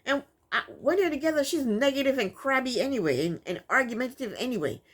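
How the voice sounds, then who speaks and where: A woman giving a casual reality TV recap with a sassy, exasperated edge. Her voice sits a little higher than most and swings widely as she talks. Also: expressive, fast, fairly bright tone. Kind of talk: casual commentary.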